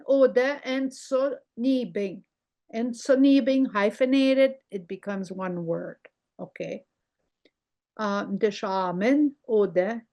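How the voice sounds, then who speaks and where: A woman's voice: mid-range voice, a little mellow. An older woman teaching a language lesson, patiently repeating words and checking in with "okay?" as she goes.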